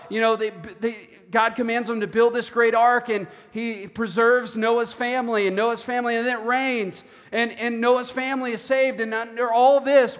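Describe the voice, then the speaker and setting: A man with a notably high voice delivers an earnest sermon, often doubling back on his words. His voice rings out in a church hall with a long reverb trailing behind. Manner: earnest, repeats words while preaching. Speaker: pastor.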